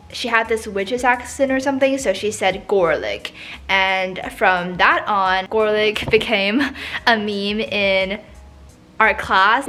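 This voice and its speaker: A teenage girl giving a casual vlog tour of her school notebooks, playful and giggly, hamming up what she reads aloud. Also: medium pitch. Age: teens. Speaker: vlogger.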